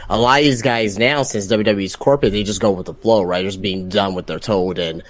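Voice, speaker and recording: A man's voice: lowish voice, fairly quick. A man chatting casually on a wrestling podcast, rambling with lots of fillers and asking for agreement. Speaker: podcast guest.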